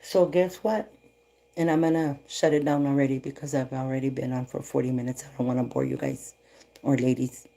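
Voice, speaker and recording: A woman hosting a casual livestream, telling a personal story with animated retelling of dialogue and a few Spanish phrases. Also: very deep voice, fairly quick, vocal fry. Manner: animated retelling, voicing both sides of dialogue. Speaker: livestream host.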